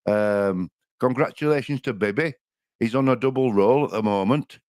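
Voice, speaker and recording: With a mid-range, darkish voice at normal speed, an older Yorkshire man co-hosts a live stream, his Yorkshire English accent carrying casual, rambling, homely talk and plenty of chuckling. The sound is clean studio audio without echo.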